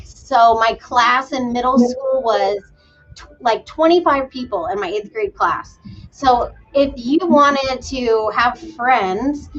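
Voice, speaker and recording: A woman's voice: fairly high pitch, slow pace, a bit bright. Bubbly woman coach, slightly dull sound. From Maine. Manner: bubbly, self-deprecating, puts on silly voices in quotes. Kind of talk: casual interview chat.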